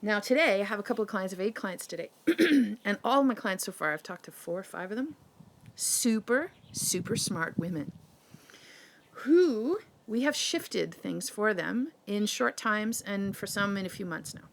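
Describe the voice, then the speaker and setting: A woman's voice: mid-range voice, expressive, moderate pace, vocal fry. Passionate, rambling woman health coach. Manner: passionate, rambling, rhetorical questions. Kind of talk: casual direct-to-camera monologue.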